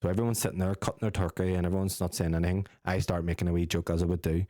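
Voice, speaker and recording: Young man, lowish voice, dry room, sweary storyteller, podcast co-host. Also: level tone, very fast, mellow, no room sound. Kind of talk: casual storytelling with friends.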